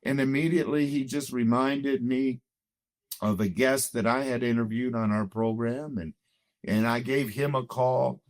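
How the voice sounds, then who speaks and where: A man's voice: mid-range voice, steady tone, moderate pace, a little mellow, no echo. A middle-aged man earnestly telling a personal story in a conversation, reflective and full of "you know" fillers. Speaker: guest telling his marriage story.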